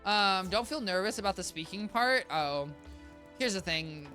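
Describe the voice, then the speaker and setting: Young male game streamer, bright and high, rambling and self-deprecating, light music behind. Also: animated, moderate pace. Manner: rambling and self-deprecating, talks to chat as "guys". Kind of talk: casual gaming commentary.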